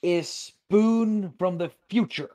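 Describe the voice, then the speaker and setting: A man joining a casual podcast chat with teasing, drawn-out remarks. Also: sits high, dark tone.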